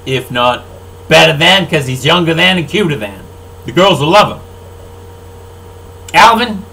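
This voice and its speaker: High, sharp-voiced older man ranting. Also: a little hiss or hum, poor audio. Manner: profane, rambling, swings between loud outbursts and low mutters. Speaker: record label owner. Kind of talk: angry ranting monologue.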